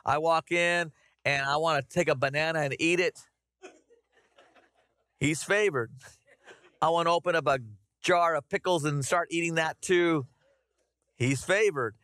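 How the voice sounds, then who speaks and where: A middle-aged man preaching a conversational, animated sermon to his congregation. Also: on the high side, unhurried, pauses often, smooth, dry recording, studio quality. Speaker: pastor. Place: church sanctuary.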